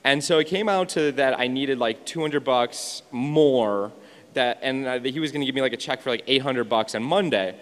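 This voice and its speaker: Animated man telling a story in an echoey hall. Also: medium pitch, moderate pace. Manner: animated storytelling, laughing and swearing. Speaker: event speaker. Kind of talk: personal story told on stage.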